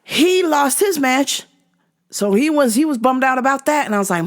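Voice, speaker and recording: A woman vlogger telling a story casually, swearing freely and with animated delivery. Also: high voice, normal speed. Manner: profane, animated.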